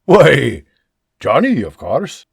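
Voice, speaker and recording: Guy reading as an easygoing backwoods trapper, folksy, husky, swings up and down. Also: medium pitch, huge pitch swings, slow pace, no room sound, studio quality, heavily acted. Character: middle-aged frontiersman, wandering hunter and trapper, jovial.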